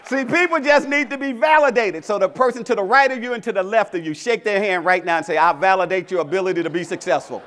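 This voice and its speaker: A man's voice: sits high, quick pace, few pauses, slight background noise. A middle-aged man from Mississippi, giving a motivational keynote speech and telling stories with acted-out quotes. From Mississippi, USA. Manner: animated storytelling, acting out quotes, rallying the crowd. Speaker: motivational speaker. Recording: convention hall.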